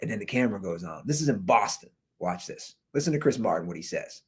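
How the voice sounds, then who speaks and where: A man hosting a podcast, giving animated, jokey commentary on viral videos through a computer's built-in microphone. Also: fairly low pitch, fast, breathy edge. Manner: animated, jokey, talks over clips. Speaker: podcast host. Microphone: computer's built-in mic.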